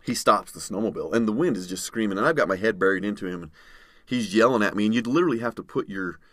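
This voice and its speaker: A man's voice: lowish voice, fast talker, no echo. A man, a podcast guest, vividly telling a survival story in conversation. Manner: vivid storyteller, acts out others' shouting.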